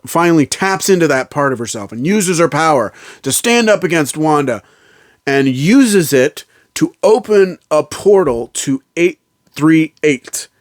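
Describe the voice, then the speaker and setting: A man's voice: a little high, dry recording, studio quality. A man casually recapping a film's plot as a reviewer, rambling with lots of fillers and restarts. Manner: rambling, fillers and restarts, slips into quoted lines. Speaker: movie reviewer. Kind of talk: casual spoiler recap of a film.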